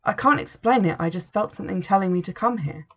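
Woman reading as a regretful middle-aged mother, hesitant, apologetic, gravelly, muffled. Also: medium pitch, fast talker, close to an everyday voice. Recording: dull lo-fi recording.

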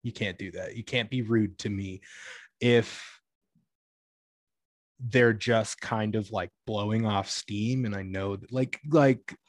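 A man's voice: fairly low pitch, fairly even intonation, takes it slowly, no room sound, studio quality. A young man talking in a casual chat, rambling with lots of filler words and free swearing. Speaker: guest.

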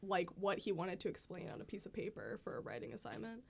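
A young woman, an English teacher, chatting casually on a podcast, laughing and swearing as she tells animated stories. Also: mid-range voice, quick pace, gravelly, slight background noise. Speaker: guest, English teacher in Japan.

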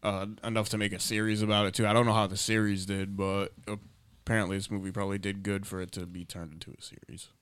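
Gender: man. Style: casual podcast chat. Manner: brief, agreeable. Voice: low and smooth. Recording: dry. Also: flat delivery, fast, fairly bright tone, no echo.

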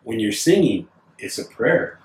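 A man in casual conversation, talking haltingly and earnestly with many fillers. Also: lowish voice, very animated, darkish tone. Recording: echoey room, distant mic.

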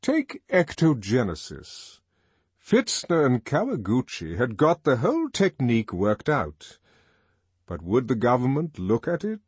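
A man narrating an audiobook in a measured, expressive reading. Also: medium pitch, husky, no room sound. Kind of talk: scripted narration.

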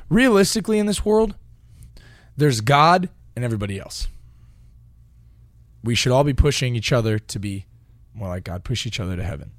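A man's voice: mid-range voice, no echo, clean studio sound. Earnest rambling male podcast co-host. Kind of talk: casual podcast chat.

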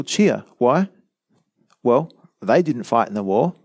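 A man preaches in an earnest, teacherly way, driving each point home with repetition and rhetorical questions. His voice sits at an ordinary middle pitch. It sounds close and dry, with no room echo. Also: lively intonation, takes it slowly, a little mellow. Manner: earnest, explanatory, emphatic repetition. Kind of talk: teaching sermon.

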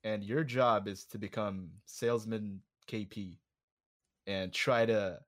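A man co-hosting a podcast, laid-back and affirming as he chats and sets up segments. His voice sits somewhat low. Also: steady tone, slow. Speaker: podcast co-host. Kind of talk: casual chat.

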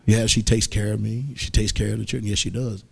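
A man preaching a sermon as pastor, rising to loud exhortation and dropping to soft asides. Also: fairly low pitch, fairly even intonation, a little fast, gravelly, slightly rough. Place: church.

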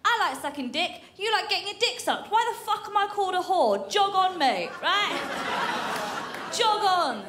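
A woman's voice: very high voice, big pitch swings, normal speed. A woman doing a brash stand-up routine on a comedy stage, swearing freely and talking straight to the crowd. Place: comedy club stage with audience. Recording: live stage recording with audience noise.

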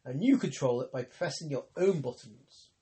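A man voicing a grave, ironic young woman healer, speaking calmly and teasingly in an audiobook reading. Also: mid-range voice, moderate pace, close to an everyday voice. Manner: calm, teasing, persuasive.

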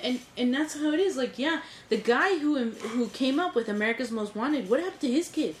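A woman co-hosting a casual podcast chat, telling stories in an animated, indignant way with some swearing. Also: high voice, fairly quick, few pauses, roomy sound, slight background noise. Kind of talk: casual conversation.

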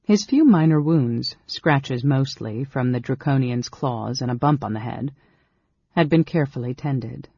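A man narrating a fantasy audiobook in a measured, steady storytelling manner. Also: mid-range voice, creaky, slightly rough, no echo. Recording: dull lo-fi audiobook recording.

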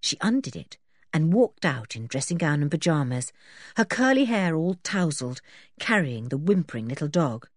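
A woman's voice: low voice, sing-song, normal speed, no echo, studio quality. A woman narrating a children's storybook expressively and switching into voices for the characters. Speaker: audiobook reader.

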